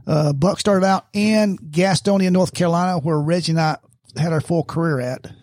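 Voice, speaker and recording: A man's voice: fairly high pitch, moderate pace, darkish tone, no room sound, clean studio sound. An older man co-hosting a casual podcast chat, talkative and teasing his friends. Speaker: podcast co-host.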